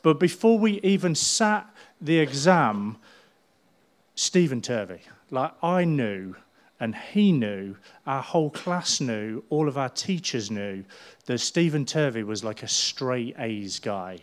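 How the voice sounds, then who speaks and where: A middle-aged man, preaching a sermon as a pastor in a lively storytelling manner. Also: mid-range voice, slow. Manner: animated storytelling, acting out people's voices.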